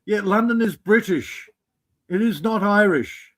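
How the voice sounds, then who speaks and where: Man with a high-pitched voice, teasing tone, wry jokes, livestream co-host. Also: unhurried, a bit bright. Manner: teasing, joking, wry asides. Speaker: co-host on a live stream. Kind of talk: casual live-stream chat.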